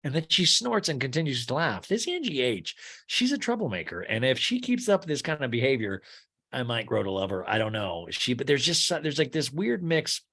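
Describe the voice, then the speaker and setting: A man chatting through a casual podcast recap, his voice husky and worn from talking for hours. His pitch swoops all over as he tells the story. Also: fairly quick. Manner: animated, jumps into high mocking voices for quotes. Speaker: podcast host. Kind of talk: casual recap with acted quotes.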